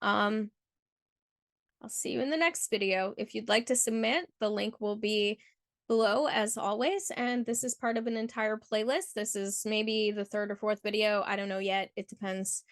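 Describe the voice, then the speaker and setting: A woman's voice: mid-range voice, fairly even intonation, moderate pace, no room sound. Earnest woman host, dry close sound. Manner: earnest, heartfelt commentary with casual fillers. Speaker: channel host. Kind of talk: reading a viewer's story aloud and reacting.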